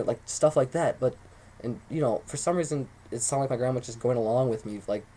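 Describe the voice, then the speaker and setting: A young man telling a rambling, excitable story to the camera, swearing often as he goes. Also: mid-range voice, fast talker. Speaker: vlogger.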